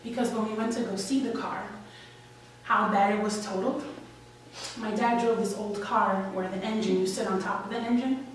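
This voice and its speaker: A woman's voice: medium pitch, steady tone, moderate pace, slight background noise. A young woman from New York telling a candid, wry and emotional personal story at a live story slam. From Washington Heights, New York. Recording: echoey room, distant mic, faint ambience.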